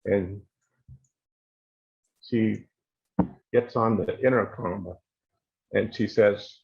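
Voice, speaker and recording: Older guy, low gravelly voice, slow storytelling, kinda muffled audio. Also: steady tone, darkish tone. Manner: slow, measured storytelling with quoted dialogue. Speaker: panelist. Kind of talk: storytelling on a panel.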